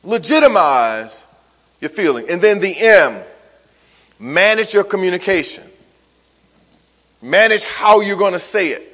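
A male pastor giving a sermon, swinging from loud emphatic calls to soft, weary asides. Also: high voice, lively intonation, unhurried, pauses often. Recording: long hall reverb.

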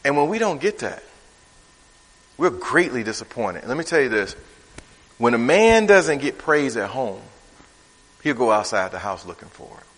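A man preaching a sermon in a conversational style, swinging from loud, high bursts to low, quiet asides. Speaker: pastor. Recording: reverberant hall.

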